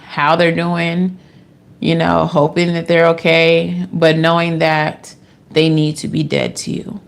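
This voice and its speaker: Woman tarot reader, AAVE, low and gravelly, sassy and profane, casual delivery. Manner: sassy, swears freely, jumps into high playful voices.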